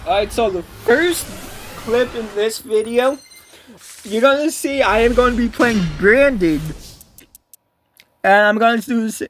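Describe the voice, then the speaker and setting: High-voiced man rambling over gameplay. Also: a bit bright. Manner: rambling, profane, restarts sentences a lot. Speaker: gaming video creator. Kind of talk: casual gameplay commentary.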